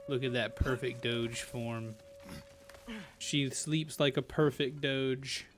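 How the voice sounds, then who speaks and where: A man's voice: medium pitch, fairly even intonation, slow pace, over music. A man giving casual live-stream commentary while playing a game, playful and rambling, full of jokes. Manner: playful, joking, rambling asides.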